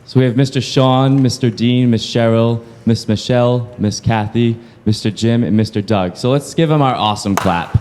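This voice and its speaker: A man's voice: medium pitch, normal speed, few pauses, slight background noise. A man organizing the program, thanking staff by name and calling them up to the stage. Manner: warm, listing names, inviting people up. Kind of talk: thank-you speech at an event. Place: large event hall at a university.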